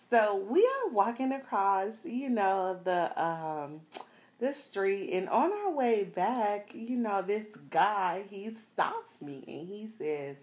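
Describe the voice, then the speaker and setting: A woman's voice: mid-range voice, slow. A woman in her thirties from South Florida, telling a personal story casually to viewers, with lots of laughter and slang. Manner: animated, laughs often, slangy, addresses viewers.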